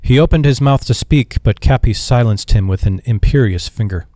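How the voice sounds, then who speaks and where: A man reading an audiobook in measured, expressive narration. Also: mid-range voice, dry recording, clean studio sound. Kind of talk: scripted narration.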